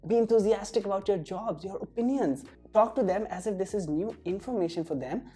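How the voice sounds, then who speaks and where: A woman's voice: medium pitch, a little fast, dark tone, soft background music. A woman tutoring for a speaking exam, talking straight to the viewer and leaning hard on key words for emphasis. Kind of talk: direct-to-camera teaching.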